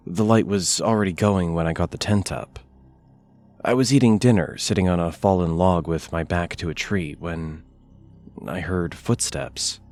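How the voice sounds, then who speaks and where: Low voiced guy telling a creepy woods story real slow, hushed and careful, quiet music under it. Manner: measured, hushed, deliberate pauses. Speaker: horror story narrator. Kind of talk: scripted first-person narration.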